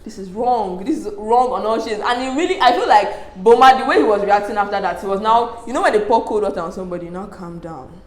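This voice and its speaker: A woman's voice: medium pitch, fairly quick, few pauses. A young Nigerian woman chatting casually as she recaps reality show drama, acting out what people said and laughing often. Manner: animated, quotes people in lively asides, laughs often. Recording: echoey room.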